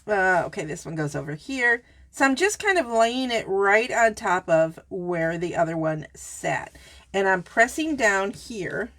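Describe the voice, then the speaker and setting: A woman's voice: mid-range voice, lively intonation, a little slow, a bit bright. Woman, craft-tutorial host; casual, chatty, addresses viewers directly, thinks aloud mid-demo. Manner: chatty, self-correcting, talks straight to viewers. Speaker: papercraft demonstrator.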